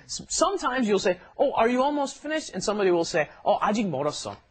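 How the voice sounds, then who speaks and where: A man's voice: sits high, sing-song, very fast, husky. A man co-hosting a language lesson, explaining phrases in a chatty way and laughing as he goes. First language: English. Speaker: co-host of a Korean lesson podcast.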